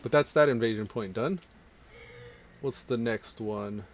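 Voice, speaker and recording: A man's voice: lowish voice, measured pace, slight background noise. A man casually talking through his online game session, chatting and thinking aloud as he plays. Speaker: gaming streamer. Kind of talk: casual gameplay commentary.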